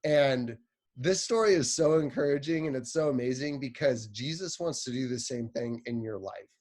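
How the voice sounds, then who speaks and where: A man's voice: mid-range voice, moderate pace, a little mellow. A man giving a casual, chatty sermon, retelling a story with a playful, conversational manner.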